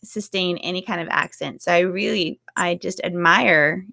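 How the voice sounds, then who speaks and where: Woman, author, casual chat, laughs often, gravelly fry in the voice. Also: lowish voice, moderate pace. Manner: warm, curious, laughing often. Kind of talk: casual conversation.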